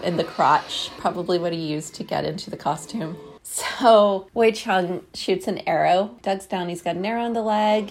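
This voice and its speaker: A woman's voice: fairly low pitch, a little mellow. A woman casually recapping a movie scene by scene, with wry, sarcastic asides and frequent laughter.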